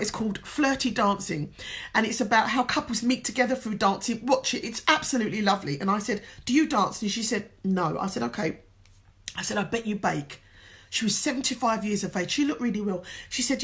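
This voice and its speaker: A woman's voice: fairly high pitch, animated, brisk. A woman life coach from England telling an earnest, emotional motivational story, tearful at times. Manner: emotional, earnest, tells a story with quoted dialogue.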